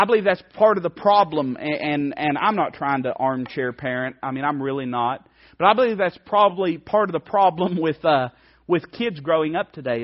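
A male preacher delivering a fervent sermon, swinging between loud emphasis and hushed, soft passages. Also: a little high, muffled recording.

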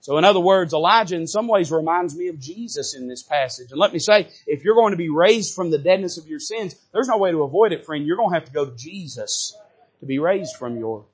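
A pastor preaching a fervent sermon in a church, addressing his congregation directly and rising and falling sharply in pitch and loudness. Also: expressive, a little fast, slightly rough. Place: church sanctuary.

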